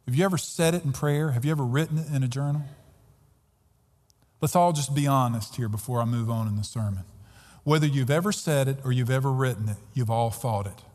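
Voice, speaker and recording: A man's voice: mid-range voice, brisk, darkish tone. A pastor preaching a sermon earnestly and emphatically, often repeating his words as he goes. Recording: long hall reverb.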